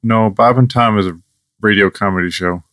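Male podcast co-host, dry wit, sleepy, low voice, dry close mic. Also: moderate pace, a bit bright, dry recording. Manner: dry, wry, sleepy quips. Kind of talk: casual chat.

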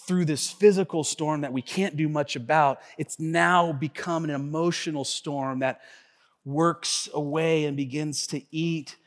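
Pastor in his thirties, storytelling sermon, lively and high voice, church hall echo. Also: measured pace. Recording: long hall reverb.

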